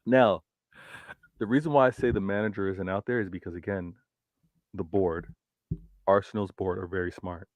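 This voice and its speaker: A man's voice: low voice, steady tone, normal speed, pauses often, a little mellow, no echo. A man co-hosting a football talk stream, arguing his point emphatically and often repeating himself and stammering. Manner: emphatic, repeats words, stutters. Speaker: co-host of a football talk show. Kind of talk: casual debate on a livestream.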